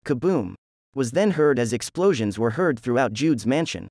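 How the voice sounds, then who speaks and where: A man narrating a fan story in a plain, even scripted reading. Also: medium pitch, moderate pace, no echo, clean studio sound.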